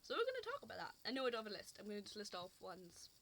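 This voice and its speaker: A woman's voice: mid-range voice, wildly swooping pitch, very fast, fairly bright tone, slight background noise. A woman vlogger talking unscripted to camera, rambling and complaining in an exasperated way. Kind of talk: casual unscripted rant.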